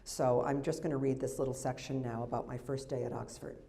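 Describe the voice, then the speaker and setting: A woman's voice: a bass voice, fairly even intonation, fairly quick, gravelly, dark tone. An older woman, an author, reading her memoir at a live library event, with wry, chatty asides into a microphone. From United States. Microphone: handheld or stand mic.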